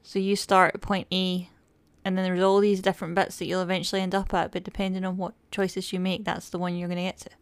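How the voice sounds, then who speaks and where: A woman's voice: fairly low pitch, flat delivery, quick pace, clear, resonant tone, no echo. A woman co-hosting a casual review chat, eager and opinionated. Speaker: podcast co-host.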